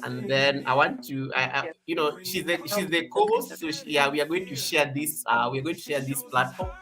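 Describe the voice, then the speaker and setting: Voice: mid-range voice, brisk, bright, forceful tone. A livestream host with a Kenyan accent, chatting casually, reading out viewer comments and repeating phrases. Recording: music playing behind the voice.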